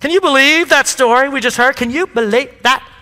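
Self-absorbed valley-girl snob, high and bright, played by a man in an echoey hall. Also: fairly quick, full character voice. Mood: incredulous. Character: selfish valley-girl young woman.

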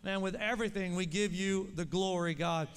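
A man's voice: high voice, fairly even intonation, moderate pace, clean tone. Enthusiastic male pastor from Oklahoma, echoing through a big church hall. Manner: enthusiastic, says "man" a lot. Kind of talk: church service announcements. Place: church sanctuary in Texas. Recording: long reverb of a large church.

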